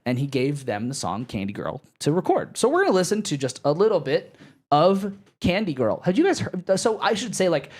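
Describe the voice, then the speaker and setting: A man's voice: on the high side, sing-song, fairly quick, darkish tone. A young adult man hosting a casual live podcast, rambling with restarts and fillers and cursing freely. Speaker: podcast host.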